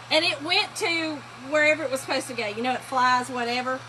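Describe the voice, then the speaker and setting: A high-pitched woman chats with her viewers like old friends, calling them y'all and breaking into laughter as she tells stories. Her easy, rambling talk rides over the clear rasp of sanding and rubbing in her workshop. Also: brisk, pushed and bright, slight background noise, poor audio. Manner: chatty, laughing storyteller, addresses viewers as y'all. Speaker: furniture painting livestream host. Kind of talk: casual livestream chat to viewers.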